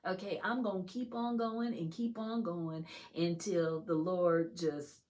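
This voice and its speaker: A woman sharing a religious testimony and leading a prayer, chatty and full of fillers, swinging from exuberant praise to hushed whispers. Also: fairly low pitch, unhurried, few pauses. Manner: exuberant, shifts between loud excitement and hushed whispers; chatty, many fillers like "you know". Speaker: video host sharing testimony.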